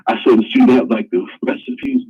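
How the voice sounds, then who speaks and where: A man of middle pitch hosts a live talk show, ranting and preaching in crude terms. His voice has a husky edge, and the sound is dull and lo-fi. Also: huge pitch swings, moderate pace. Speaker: host.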